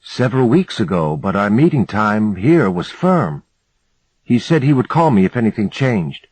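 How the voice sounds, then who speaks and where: A man's voice: fairly low pitch, big pitch swings, normal speed, a little mellow, breathy edge, no echo. A man voicing a polite, anxious foreign professor with a Scandinavian accent, raising his voice for the role. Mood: alarmed.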